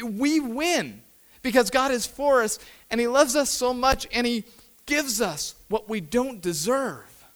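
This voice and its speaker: A man, a pastor, preaching a sermon with emphatic repeated phrases, moving between hushed and loud delivery. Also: sits high.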